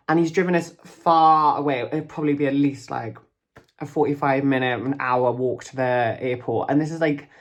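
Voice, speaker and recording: A young man, a drag queen vlogger, telling a storytime tale in a chatty way with lots of fillers and acted-out quotes. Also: on the high side. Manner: chatty, filler-heavy, acts out quoted lines. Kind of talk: storytime vlog.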